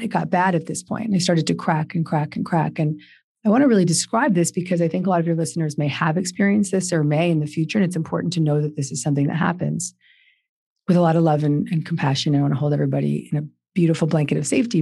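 A woman's voice: low voice, creaky, dark tone, breathy edge, no echo, clean studio sound. A woman in her forties, a guest author on a podcast, telling her personal story earnestly with emphatic repeated questions.

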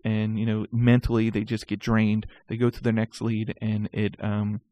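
A man telling stories about his sales career in a casual, animated way, often stammering and restarting his sentences. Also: lowish voice, moderate pace, no room sound. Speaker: guest recounting sales career. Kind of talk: casual storytelling.

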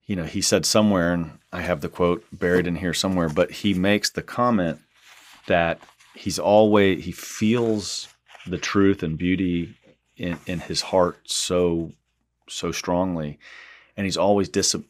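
A man's voice: low-pitched, fairly even intonation, a little slow. A man hosting a conversational interview, reflective and rambling as he talks. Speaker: host.

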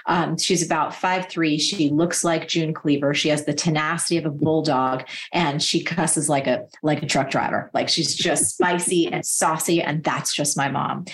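A woman in her forties from New Jersey tells personal stories as a guest. Her voice sits a little low. She talks vividly and casually, peppering her sentences with "like.". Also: moderate pace, few pauses, a little hiss or hum. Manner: lively, vivid anecdotes full of "like" fillers. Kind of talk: personal storytelling in conversation.

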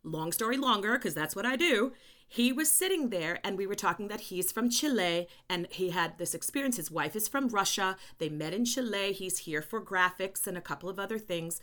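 Woman, educator guest, lively emphatic storyteller; bright, fairly high voice with big swings in pitch. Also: moderate pace. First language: English. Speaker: language educator and consultant guest. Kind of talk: storytelling in a podcast interview.

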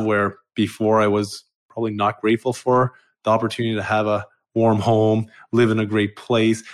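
A middle-aged man, a podcast guest, talking in an earnest, reflective way and repeating phrases for emphasis. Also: fairly low pitch. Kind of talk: casual podcast chat.

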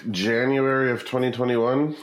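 A man's voice: medium pitch, normal speed, a little hiss or hum, rough recording. A man in his forties, a company founder, telling a long story in a casual interview, swearing often and acting out what others said. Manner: profane, rambling, animated quoting of others. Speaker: guest, startup founder.

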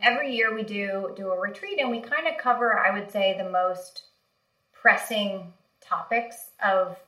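A woman guest, a marketing executive, telling career stories in a casual interview, animated, laughing often and using many fillers. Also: mid-range voice, normal speed, roomy sound, rough recording.

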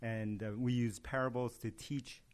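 A man's voice: medium pitch, level tone, normal speed, clear, resonant tone. A man in casual conversation, telling a story and acting out its dialogue. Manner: tells parables with acted-out dialogue.

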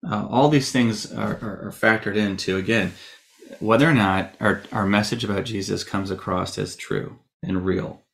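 Earnest man with a lowish voice. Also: moderate pace, creaky. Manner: earnest, thoughtful, with frequent fillers and restarts. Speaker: Catholic speaker on evangelization. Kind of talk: reflective talk to an audience.

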